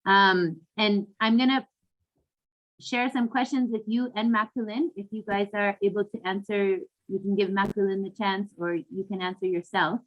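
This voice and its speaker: Woman moderator, friendly, mid pitch, dull lo-fi call audio. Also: fairly even intonation, moderate pace. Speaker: session facilitator. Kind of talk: moderating an online session. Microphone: video call.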